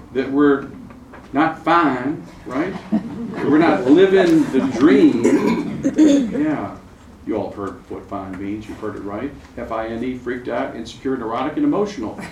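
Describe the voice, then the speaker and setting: In a chapel, a middle-aged man from Charlotte, North Carolina delivers a sermon at medium pitch, asking the congregation questions and drawing responses. Slight background noise sits under the roomy, distant chapel sound.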